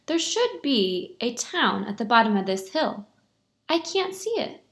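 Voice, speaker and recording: A woman's voice: fairly high pitch, big pitch swings, measured pace, fairly bright tone, full character voice. A woman voicing a ragged, hungry little male beggar who turns out wily, pleading and scheming in a storybook. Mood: puzzled.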